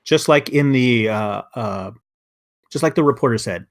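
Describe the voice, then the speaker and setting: A man's voice: medium pitch, unhurried. Guy on a podcast rambling and getting worked up, lots of restarts. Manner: rambling, heated, frequent restarts. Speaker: podcast co-host. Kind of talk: casual review chat.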